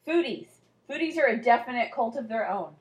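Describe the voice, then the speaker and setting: Woman, 30s, casual podcast chat, expressive swoops, roomy echo. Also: a little high, a little fast. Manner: lively, laughing, teasing. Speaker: podcast co-host.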